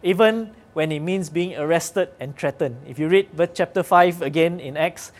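A man's voice: fairly high pitch, moderate pace. A man preaching a sermon in an earnest, conversational way, with occasional fillers.

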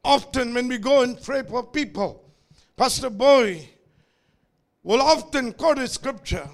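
High gravelly shouting preacher. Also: male voice, animated, a little slow. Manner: shouting call-and-response preaching, swinging between loud and quiet asides. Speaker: pastor. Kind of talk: sermon.

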